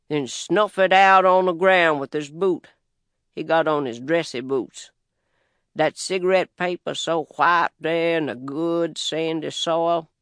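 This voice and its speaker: A man with a Southern US accent narrating a first-person audiobook story in an unhurried, plainspoken, wry manner on a close studio mic. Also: a little high, fairly bright tone, no echo.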